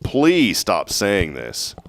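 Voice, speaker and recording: A man's voice: on the low side, wildly swooping pitch, very slow, no room sound. A man co-hosting a morning talk show, roasting phrases with theatrical sarcasm. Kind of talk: casual chat.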